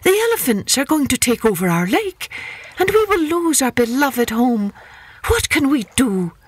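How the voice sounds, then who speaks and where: A woman voicing a group of anxious little hares in a children's story, speaking in a high, urgent, pleading way. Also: big pitch swings, normal speed, slightly rough, no echo, exaggerated voice.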